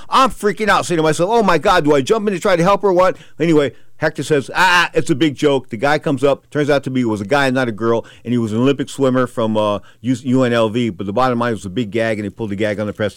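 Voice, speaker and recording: A man hosting a boxing radio talk show, telling stories with animated asides and repeated catchphrases. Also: medium pitch, no echo, clean studio sound. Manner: animated storyteller, repeats "I kid you not".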